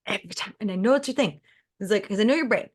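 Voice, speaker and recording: A woman business coach talks through a client's mindset on a coaching call. She is fast and emphatic, and her pitch jumps up when she acts out her own inner voice. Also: lively intonation, husky.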